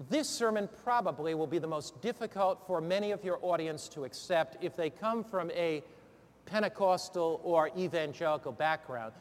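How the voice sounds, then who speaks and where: A man coaching preachers through a sermon series, then preaching the text with rousing call-and-response questions. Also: high voice. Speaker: preacher training other preachers. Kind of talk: sermon-preparation instruction turning into preaching. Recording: long hall reverb.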